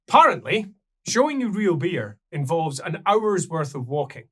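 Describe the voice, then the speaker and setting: A man narrating a tabletop role-playing game as game master, in a relaxed storytelling manner. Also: a little high, moderate pace. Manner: storytelling, relaxed, clears throat often.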